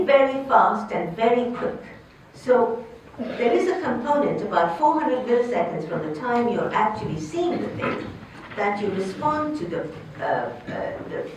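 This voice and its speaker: An older woman, a linguistics professor, giving an academic lecture, explaining points and putting questions to her audience. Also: a little hiss or hum. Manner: explanatory, poses questions to the audience, lively pitch. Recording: echoey hall, distant from the mic.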